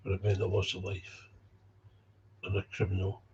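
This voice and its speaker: A man's voice: deep voice, monotone, moderate pace, a little mellow, slight background noise. A man with a Scottish accent giving a blunt, heated personal talk about recovery, swearing freely. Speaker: speaker on recovery. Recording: dull lo-fi recording.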